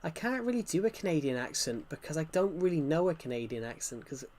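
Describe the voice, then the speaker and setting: A man's voice: a little high, expressive, quick pace, a little mellow, a little hiss or hum. Chatty British man streaming a game. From United Kingdom. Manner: chatty, answers viewers' questions as they come. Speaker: gaming streamer. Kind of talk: casual livestream chat while playing.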